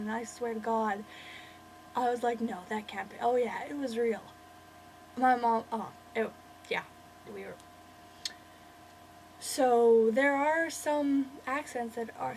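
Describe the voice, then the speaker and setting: A woman's voice: fairly high pitch, gravelly, a little hiss or hum, rough recording. Chatty rambling Canadian woman. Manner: rambling, chatty, self-interrupting. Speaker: vlogger. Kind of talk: casual ranting monologue.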